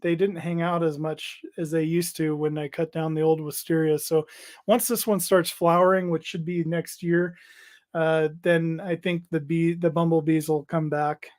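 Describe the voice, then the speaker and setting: High-voiced man chatting on a hobby livestream. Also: flat delivery. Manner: rambling, halting, reads out chat messages. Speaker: livestream host. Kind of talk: casual livestream chat.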